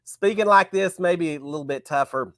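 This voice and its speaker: A man, hosting a live stream while sick, his voice raspy, greeting viewers by name in folksy casual chat. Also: a little high, normal speed, fairly bright tone, no room sound, studio quality. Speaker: show host.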